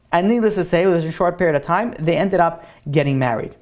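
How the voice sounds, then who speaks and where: A man's voice: on the high side, quick pace, a little mellow. A male rabbi telling a story to his class in a loose, conversational way. He fills his sentences with "like" and restarts, drawing the listener along through the tale and its lesson. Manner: casual, many "like" fillers. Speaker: rabbi and teacher.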